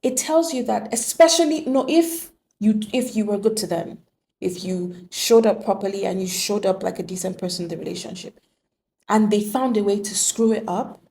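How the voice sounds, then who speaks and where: A woman's voice: medium pitch, moderate pace, creaky, warm tone. A woman giving an earnest, emphatic motivational monologue on relationships, full of rhetorical questions. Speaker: relationship speaker.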